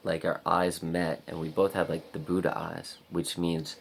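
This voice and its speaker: A man's voice: low-pitched, completely flat delivery, measured pace, vocal fry, slight background noise. A man telling a story in a casual vlog, rambling with lots of "like" and frequent swearing. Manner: rambling, heavy use of "like" and swearing. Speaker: vlogger.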